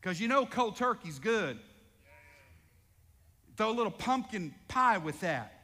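A man preaching a sermon as pastor, animated, calling out to the congregation in a large church. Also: high voice, unhurried. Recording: echoey hall reverb.

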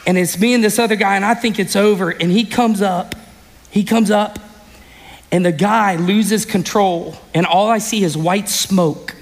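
A man preaching a sermon as pastor, telling stories with energy and breaking into sudden shouts. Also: sits high, a little slow. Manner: animated storytelling, bursts into shouts. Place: church sanctuary. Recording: reverberant hall.

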